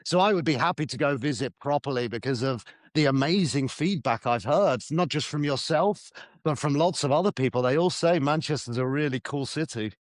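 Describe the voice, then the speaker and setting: A man co-hosting a relaxed podcast, his voice sitting a bit high. He talks chattily and softens his views with hedges. The recording is dry and close. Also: brisk, no room sound. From southern England. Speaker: podcast co-host. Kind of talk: casual chat.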